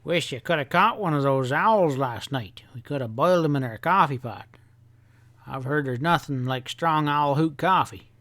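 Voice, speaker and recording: A man doing a gruff old mountain grandpa. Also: a little high, animated, moderate pace, fairly bright tone, no room sound. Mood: teasing, scoffing. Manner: gruff, scoffing folksy drawl.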